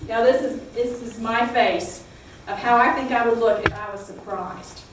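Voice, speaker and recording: Lady teaching kids a bible story, high voice, really echoey room, mic far away. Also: moderate pace, a little hiss or hum. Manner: animated, exclaiming, coaxing children to repeat lines. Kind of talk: telling a Bible story to children.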